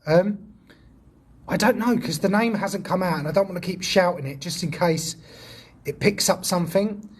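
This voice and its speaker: A man's voice: high-pitched, normal speed. A man making a ghost-hunting vlog in an old prison. He talks casually to camera, calls out to spirits and sounds nervous and jumpy. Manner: jumpy, nervous, swears when startled. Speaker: paranormal investigator vlogger. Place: old prison building indoors. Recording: echoey indoor space with faint ambience.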